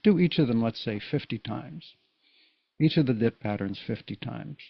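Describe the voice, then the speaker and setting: A man's voice: medium pitch, lively intonation, normal speed, creaky, breathy edge, no room sound. A man giving a casual, patient Morse code lesson, explaining each step in plain words. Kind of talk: casual spoken tutorial. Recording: dull lo-fi recording.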